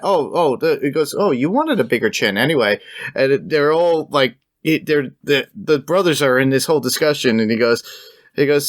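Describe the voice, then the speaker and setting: A man's voice: mid-range voice, moderate pace, dry recording, studio quality. A man co-hosting a podcast in casual chat. He is easygoing, laughs often and paraphrases scenes loosely. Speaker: podcast co-host.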